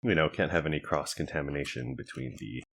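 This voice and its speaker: A man's voice: rumbling low, fast, creaky. A man casually reviewing snack food to camera, chatting and thinking aloud as he cooks and tastes. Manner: relaxed, chatty, thinks aloud while cooking and tasting.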